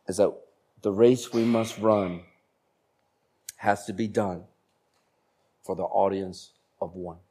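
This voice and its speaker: A man preaching a sermon as a pastor, slowing down to stress key phrases and growing animated when he tells stories. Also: lowish voice. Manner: animated storytelling, bursts of laughter and acted voices; slows down for emphasis on key phrases.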